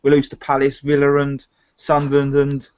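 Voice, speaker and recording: A man's voice: medium pitch, completely flat delivery, normal speed, darkish tone. A man co-hosting a casual live-stream chat, rambling and retelling stories with many restarts. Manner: chatty, rambling with restarts and retold dialogue. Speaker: co-host of a film review live chat. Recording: muffled lo-fi live stream audio.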